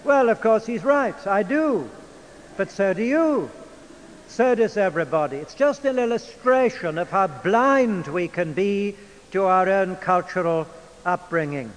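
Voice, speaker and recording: An older man with an English accent preaching a sermon in a church, in a measured, emphatic manner. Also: sits high, lively intonation, slight background noise. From England. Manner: measured, emphatic delivery with drawn-out phrases. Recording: long church reverb.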